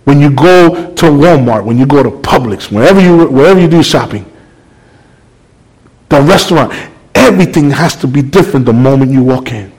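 A man's voice: mid-range voice, normal speed, breathy edge, rough recording. A middle-aged man preaching a sermon, telling a story with acted-out dialogue and asking the congregation questions. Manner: animated, acts out dialogue, rhetorical questions to the congregation.

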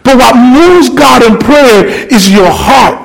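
A middle-aged male pastor preaching a sermon with passion, swinging from loud calls to soft, low reflection. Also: animated, slow pace, vocal fry, rough recording.

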